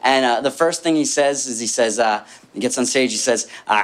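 A man telling a stand-up story in a halting, deadpan way, full of pauses and fillers. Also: mid-range voice. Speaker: comedian.

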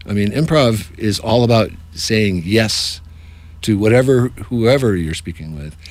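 A man who runs improv workshops, talking in a casual, jokey interview with animated asides. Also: on the low side, measured pace, dry recording. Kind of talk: casual radio-style interview.

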